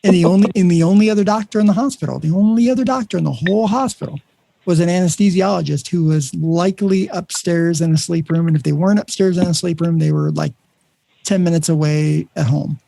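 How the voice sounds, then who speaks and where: Gravelly, dark-voiced male podcast host. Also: a little high, fast, dry recording. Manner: animated storyteller, acts out dialogue. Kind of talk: conversational interview.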